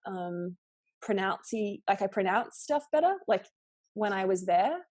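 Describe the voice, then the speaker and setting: A young Australian woman hosting a podcast, who talks quickly and chattily in a casual conversation, with lots of "like". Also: medium pitch, expressive, a little mellow, no room sound. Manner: fast-talking, chatty, full of "like". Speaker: podcast host.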